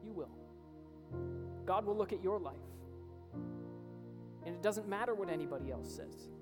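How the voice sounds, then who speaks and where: A man's voice: sits high, lively intonation, moderate pace. A young man preaching a sermon as a pastor, earnest and building to emphatic peaks. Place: church hall. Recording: reverberant hall with faint music.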